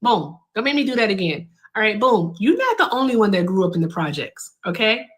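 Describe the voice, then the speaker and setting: Blunt, combative young woman host in a heated debate, animated delivery. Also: medium pitch, a little fast. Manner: combative, blunt, cuts in with commands.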